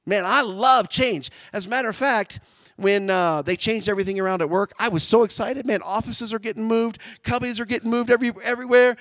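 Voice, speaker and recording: A man preaching a sermon, animated, swinging from loud shouts down to quiet, intimate tones. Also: high-pitched, fairly quick, dry recording.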